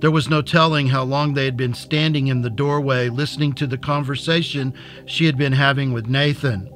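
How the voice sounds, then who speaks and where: A man narrating a story in an even, unhurried reading voice. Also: mid-range voice, faint music behind. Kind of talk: audiobook reading.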